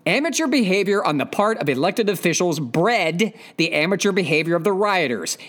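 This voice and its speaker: A man's voice: sits high, very animated, fairly quick, fairly bright tone. Blunt, profane man ranting on a podcast. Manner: emphatic, repeats key points. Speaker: podcast host. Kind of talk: opinionated podcast monologue.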